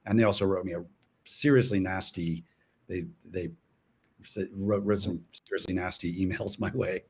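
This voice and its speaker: A man, a cartoonist guest on a panel, who speaks in a halting, thoughtful way with many restarts. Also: deep voice, fairly even intonation, a little mellow, breathy edge. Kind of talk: casual panel chat.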